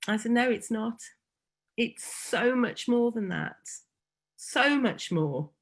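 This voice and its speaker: A woman, a foster carer telling a heartfelt personal story, slow and emotional with frequent pauses. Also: a little high, expressive. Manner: slow and emotional, pausing often.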